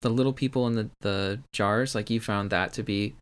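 A man co-hosting a podcast, discussing an old film with enthusiasm and halting often with fillers. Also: on the low side, fairly even intonation, smooth. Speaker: podcast co-host.

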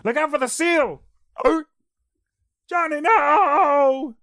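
A man playing a frantic, desperate worker in a hammy melodrama, yelling out his lines. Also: extremely high pitch, slow, no echo, clean studio sound, pitched above the performer's own voice, exaggerated voice.

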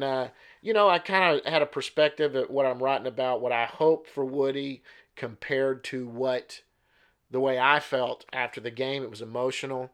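A man's voice: mid-range voice, a bit bright. A middle-aged man, hosting a sports talk show in a folksy, rambling monologue. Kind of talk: casual spoken monologue.

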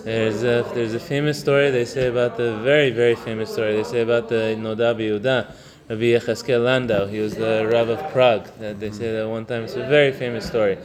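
A man giving an informal Torah lesson, talking conversationally, mixing in Hebrew terms and telling stories with halting fillers. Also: mid-range voice, fairly even intonation, crowd noise. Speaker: Torah class teacher. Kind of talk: informal religious lesson with storytelling.

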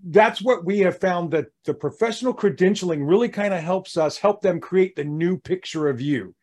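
A man's voice: high voice, moderate pace, darkish tone. A male podcast host talking with energy and emphasis, acting out little quotes as he makes his points. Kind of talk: casual podcast conversation.

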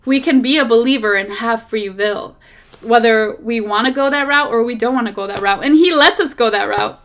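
A woman hosting a podcast, chatting casually about faith and dating in a rambling, animated way, recorded as a phone voice memo. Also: a little high, moderate pace. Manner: rambling and animated, drifting off topic, lots of fillers. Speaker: podcast host.

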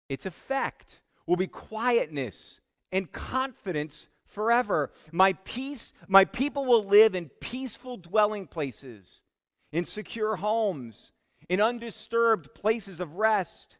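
A man with a high voice preaching in a church sanctuary, slow and emphatic, sinking to a hush on his key words. His words linger in a long hall reverb. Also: expressive. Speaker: pastor. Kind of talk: sermon.

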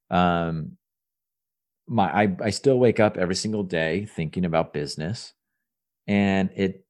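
A man in his thirties with a deep, low voice is the entrepreneur guest on a casual podcast interview. He rambles in an upbeat, earnest, slightly mellow way, stumbling over restarts and repeated words.

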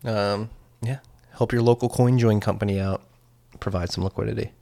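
A man's voice: lowish voice, fairly even intonation, normal speed, creaky, dark tone. A man co-hosting a podcast in casual, joking chat, rambling with frequent ums. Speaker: podcast co-host.

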